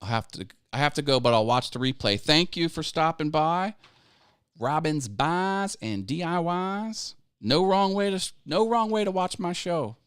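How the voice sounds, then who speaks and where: A man's voice: fairly high pitch, lively intonation, unhurried, clean tone, dry recording, clean studio sound. A man hosting a casual live stream about growing a video channel, upbeat and chatty, laughing easily and thanking viewers. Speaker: YouTube coaching livestream host.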